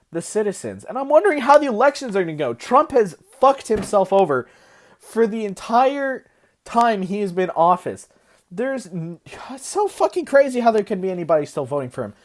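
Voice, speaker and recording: A young woman rants into her phone, worked up and cursing as she rambles. Her pitch swings wide, rising high and dropping low as she gets heated. She talks like someone losing patience with everything. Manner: profane, agitated, rambling. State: worked up, hysterical. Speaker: vlogger. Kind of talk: heated casual rant.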